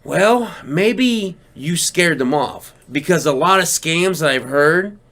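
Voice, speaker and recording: A young man, a little drunk, chats on a podcast with a forceful, bright voice that sits a touch high. He tells his story loosely and profanely, jumping into the voices of the people in it. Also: animated, slow. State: tipsy. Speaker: podcast co-host. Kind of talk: casual drunk podcast chat.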